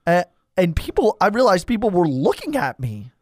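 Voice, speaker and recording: Higher-voiced priest telling stories animatedly. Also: male voice, dry recording, clean studio sound. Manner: animated storyteller, quick to laugh. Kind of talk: casual conversation about church liturgy.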